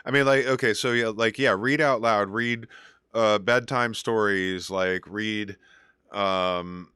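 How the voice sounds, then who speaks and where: A man's voice: fairly low pitch, fairly even intonation, takes it slowly, sharp tone, clean tone, no echo, clean studio sound. A man hosting a casual music show, giving advice and telling stories in a rambling way with lots of fillers. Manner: rambling, many fillers and restarts. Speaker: DJ and show host. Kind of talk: casual chat advice and storytelling.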